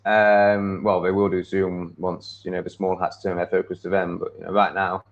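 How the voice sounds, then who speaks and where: A man's voice: sits low, flat delivery, normal speed. English male streamer, loose and profane, trips over his own sentences; slightly muffled recording. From England. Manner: swears freely, restarts sentences, laughs often. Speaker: live streamer. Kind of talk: rambling live-stream chat, reacting to comments.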